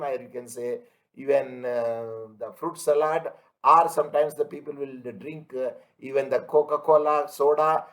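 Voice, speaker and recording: A man's voice: fairly high pitch, fairly bright tone, rough recording. A man teaching an online class, repeating his points and asking students if they follow. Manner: everyday analogies, emphatic. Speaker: lecturer.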